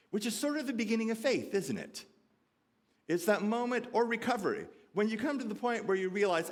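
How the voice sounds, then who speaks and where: A man preaching a sermon with a slightly high voice that rises and falls a great deal. He talks to the congregation in a conversational way and puts questions to them. He often slips into the voices of the people in the story. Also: moderate pace. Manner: animated, acts out quoted voices of disciples. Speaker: pastor.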